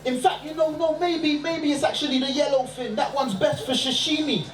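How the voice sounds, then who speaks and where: A man doing a cocky young street lad who talks in heavy slang. He sounds a touch deeper than his usual voice and is heard from far off in an echoing club. Music and a crowd fill the room. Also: fairly even intonation, moderate pace. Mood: boastful. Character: young male London street guy, boastful. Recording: roomy live club sound from a distance.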